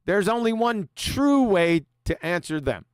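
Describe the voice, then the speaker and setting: A man's voice: high-pitched, very animated, measured pace, clear, resonant tone, no echo, clean studio sound. A man hosting a livestream, mocking his opponent with profanity and reading super chats aloud with frequent laughs. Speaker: livestream host.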